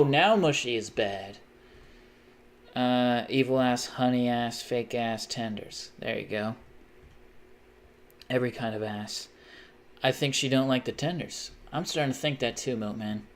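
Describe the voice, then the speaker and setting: A man's voice: mid-range voice, a little slow, a little hiss or hum. A man streaming live while he plays a game, rambling in a self-mocking way and chanting silly repeated noises. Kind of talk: casual live-stream chat while gaming.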